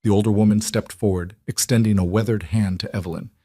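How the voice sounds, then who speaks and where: A man giving scripted narration of a story in a measured, even way. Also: lowish voice, dry recording, clean studio sound.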